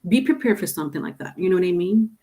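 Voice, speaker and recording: A woman's voice: on the low side, animated, fast, dark tone. A middle-aged woman talks casually through a tarot livestream from home. Her delivery is chatty and loose. She circles back over her points and laughs often. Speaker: tarot reader.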